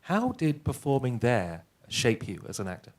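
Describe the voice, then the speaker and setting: A man from the northwest of England moderating an onstage interview in a theatre, asking measured, conversational questions. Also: mid-range voice, huge pitch swings. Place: theatre stage before an audience.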